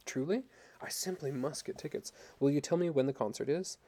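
A man voicing a proper, courteous gentleman. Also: fairly high pitch, brisk, lightly acted. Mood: polite. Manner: courteous and formal. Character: polite, proper young gentleman caretaker.

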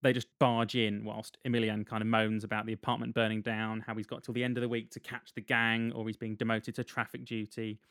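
A man's voice: lowish voice, monotone, brisk, hardly any pauses, a bit bright, dry recording. A man, casually retelling a film's plot on a podcast with dry humor and frequent laughs. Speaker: podcast co-host recapping a film. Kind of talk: casual chat.

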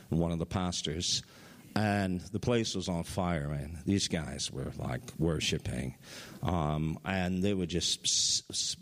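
Low-voiced preacher man in echoing hall. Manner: excited storytelling, voice rising high at highlights. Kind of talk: sermon testimony.

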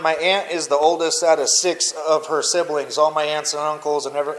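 A man's voice: a little high, poor audio. Blunt, profane man telling his story. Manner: blunt and profane, with frequent restarts. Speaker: podcast guest. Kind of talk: candid personal storytelling.

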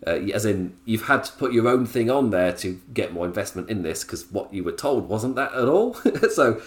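A man hosts a relaxed solo podcast review, his voice rising and falling in a lively, animated way. He talks in a chatty, rambling style, laughs often and wanders off on tangents before pulling himself back. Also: fairly low pitch, normal speed. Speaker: podcast host reviewing wrestling.

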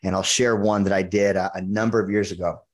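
A man's voice: deep voice, steady tone, fast. Blunt, intense man telling a story. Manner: intense, blunt and frequently profane. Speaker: podcast guest, men's coach. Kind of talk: casual conversational storytelling.

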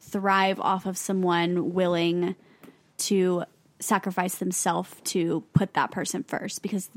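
A woman co-hosting a podcast in casual chat, agreeing often and explaining her points in a measured way. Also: lowish voice, little pitch movement. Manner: supportive, lots of soft agreeing, measured when she explains. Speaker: podcast co-host.

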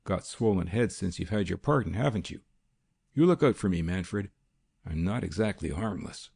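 A man's voice: low-pitched, expressive, moderate pace, gravelly, darkish tone, breathy edge, no room sound, clean studio sound, full character voice. A man voicing a bold, aggressive schemer who talks with blustering sarcasm. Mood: angry.

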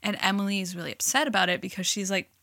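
A woman's voice: mid-range voice, rapid-fire, creaky, pushed and bright, no room sound, studio quality. A woman co-hosting a podcast in casual chat, talking with lots of "like" fillers and laughing easily. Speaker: podcast co-host.

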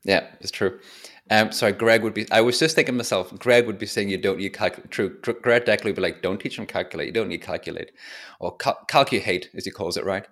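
A man's voice: on the low side, steady tone, brisk, fairly bright tone. A man co-hosting a podcast in casual chat, eager and thinking aloud as he talks.

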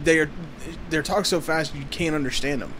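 A man's voice: a little high, moderate pace, fairly bright tone, slight background noise. A man in casual chat, swearing often and rambling through his stories. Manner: profane, rambling, restarts.

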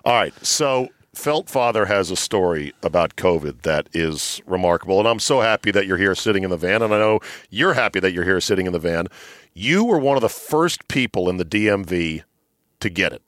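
A man hosting a casual podcast chat in a van, chatty and quick to chime in. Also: low-pitched, lively intonation, fairly bright tone, no room sound, studio quality. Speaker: podcast host. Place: parked van.

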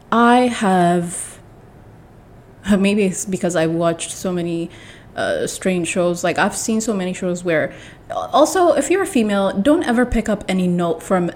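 A woman's voice: medium pitch, darkish tone. A young woman with a mixed accent, telling a rambling, blunt story to camera in a casual vlog. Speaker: vlogger.

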